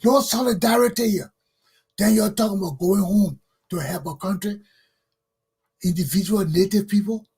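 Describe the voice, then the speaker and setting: A man's voice: high-pitched, moderate pace, long pauses, a little mellow, husky. A Liberian man hosting a talk show, delivering an angry, scolding monologue that circles back on itself. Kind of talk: ranting monologue.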